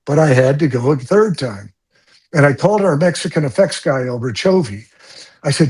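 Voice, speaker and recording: An older man, a stunt coordinator, telling blunt, animated stories from film sets in an interview and swearing freely. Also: fairly high pitch, normal speed, breathy edge. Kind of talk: storytelling interview.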